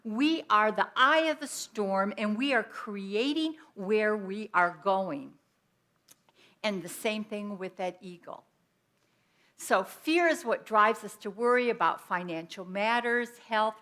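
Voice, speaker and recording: Bright-voiced woman giving a sermon. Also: mid-range voice, expressive, measured pace. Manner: conversational, telling personal stories. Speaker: speaker at a Sunday church service. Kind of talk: inspirational sermon. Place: church sanctuary.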